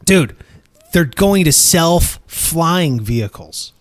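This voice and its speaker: In a slightly high, slow voice, a man hosting a laid-back comedy podcast trades casual banter. He's animated and full of jokes, dropping into silly voices along the way.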